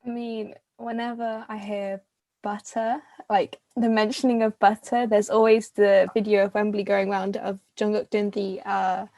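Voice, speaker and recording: A woman's voice: medium pitch, little pitch movement, a little slow, mellow, dry recording. A bubbly English woman in her twenties hosting a casual video chat, gushing and talkative. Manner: chatty, bubbly, gushing compliments. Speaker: host.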